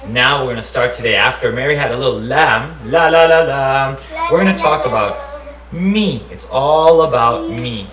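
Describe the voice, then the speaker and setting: A man's voice: medium pitch, moderate pace, a crowd in the background. A man teaching the Arabic alphabet in a playful way, repeating each letter sound and using silly memory tricks. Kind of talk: playful teaching with call-and-response drills. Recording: echoey room.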